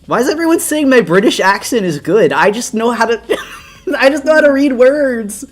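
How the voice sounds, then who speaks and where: A co-host in their twenties chatting casually, rambling and laughing through quick asides. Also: medium pitch, lively intonation, faint music behind. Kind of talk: casual chat.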